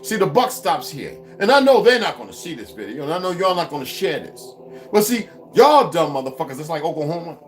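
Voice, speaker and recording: A man's voice: brisk, faint music behind. A man delivering a heated, profane vlog rant full of mockery and swearing. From United States. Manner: heated, swearing, mocking, lively swings in pitch. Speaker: vlogger. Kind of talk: profane ranting monologue.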